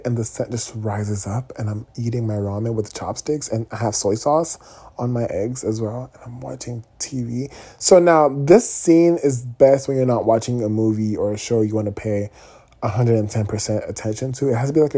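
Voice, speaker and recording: A young man talking casually to his viewers, candid and animated, often checking in with "okay?" asides. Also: mid-range voice, breathy edge. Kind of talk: casual vlog monologue.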